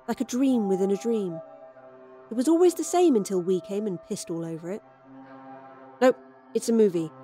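A woman narrates a first-person sci-fi horror story in a wry, dry manner. Her voice sits at a middling pitch and the telling is scripted and steady.

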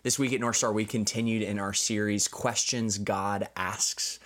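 A man's voice: lowish voice, steady tone, normal speed, fairly bright tone. A man giving a short devotional Bible teaching as a pastor, earnestly reading scripture aloud, explaining it and closing in prayer. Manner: ends in spoken prayer.

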